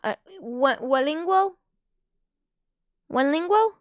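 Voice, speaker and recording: A woman streamer chatting casually on a live stream, giggly and quick with asides, leaning on "like" a lot. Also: high-pitched, expressive, no echo, studio quality.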